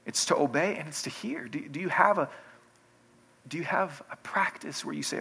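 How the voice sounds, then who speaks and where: Bright-voiced male pastor preaching. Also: fairly high pitch, moderate pace, vocal fry, breathy edge. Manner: conversational, with restarts and rising intensity. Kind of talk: sermon.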